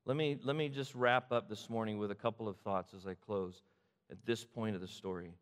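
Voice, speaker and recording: A man from the Sacramento area preaching a sermon, retelling the story with animated repetition. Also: fairly low pitch, a little fast, clean tone, in a large hall. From Sacramento area, California. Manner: animated storytelling, repeats phrases. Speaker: pastor.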